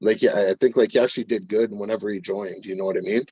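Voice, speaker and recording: A man's voice: lowish voice, steady tone, fast, a little mellow, husky, muffled recording. A man in casual drinking banter, loose and crude, joking around.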